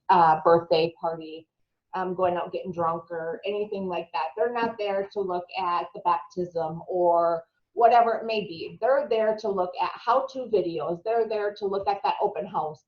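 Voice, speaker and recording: Minnesota-accented woman, chatty trainer on a video call, filler-heavy, echoey dull audio. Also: mid-range voice. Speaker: marketing trainer. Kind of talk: live video-call presentation.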